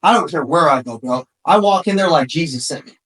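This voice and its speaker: A man with a high, bright-edged voice gives a fired-up motivational talk. He pushes hard, shouting some points and tossing in casual "bro" and "man" to rally the listener. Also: animated, fairly quick, rough recording. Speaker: motivational speaker.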